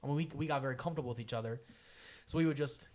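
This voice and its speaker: A man hosting a casual podcast, talking in a loose, profane, animated way. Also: mid-range voice, racing. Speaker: podcast host.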